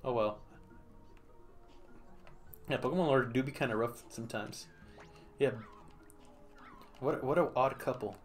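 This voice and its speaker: Speaking at a measured pace with long pauses, a man with a mid-range voice gives casual, giggly commentary while streaming a game. He talks playfully to the on-screen creatures, and faint music plays in the background.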